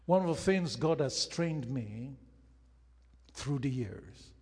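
Man, pastor, sermon, unhurried delivery, emphatic repetition, long church reverb. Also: medium pitch, lively intonation, a little mellow, breathy edge. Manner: emphatic preaching with repeated phrases and acted-out quotes. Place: church hall. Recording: hall reverb.

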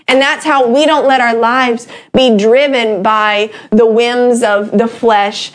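A woman's voice: on the high side, fairly even intonation, takes it slowly. A woman in a casual faith discussion, speaking in an encouraging, exhorting way.

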